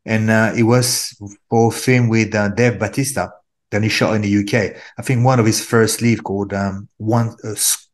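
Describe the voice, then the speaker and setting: A man with a French accent, an actor telling lively anecdotes as a guest in a casual interview. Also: lowish voice, moderate pace.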